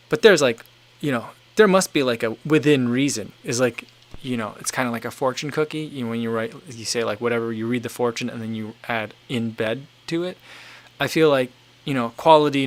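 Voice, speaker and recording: A man's voice: medium pitch, fairly bright tone. A man in his thirties hosting a casual livestream, reading viewer comments aloud and musing in a loose, rambling way full of "like" and "um". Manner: rambling and easygoing, leans on "like" and "um". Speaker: livestream host.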